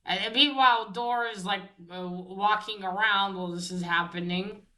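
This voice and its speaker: This woman speaks at an ordinary middle pitch and retells a novel's plot in a loose, chatty way. She stops often on small filler sounds and picks her thread back up as she goes. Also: steady tone, pushed and bright, poor audio. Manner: hesitant, many filler pauses. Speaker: book discussion host.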